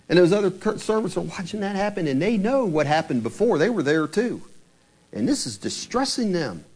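A married man preaching a sermon in an animated way, asking many rhetorical questions and retelling scripture. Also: on the high side, moderate pace. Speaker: pastor.

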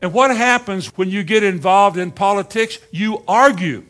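A man delivering a sermon in a fairly high voice. He peppers the congregation with rhetorical questions and slips into dry sarcasm. He drops into quiet asides, then climbs back up for emphasis. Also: normal speed. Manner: swings between quiet asides and rising emphasis. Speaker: preacher.

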